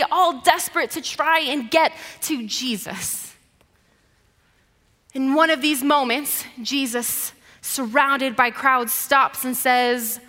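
A woman preacher giving a sermon, retelling a story dramatically, moving between vivid passages and hushed ones. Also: sits high, long reverb tail.

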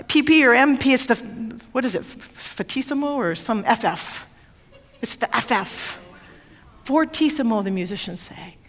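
A woman's voice: sits high, fairly bright tone, long reverb tail. A woman pastor preaching a sermon, emphatic and repeating phrases for effect.

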